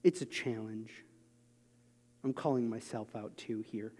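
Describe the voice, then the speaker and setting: A man's voice: on the low side, fairly even intonation, a little slow, long pauses. Man preaching in a reverberant hall. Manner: earnest, shifts between quiet confessional asides and emphatic exhortation. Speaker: pastor. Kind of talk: sermon.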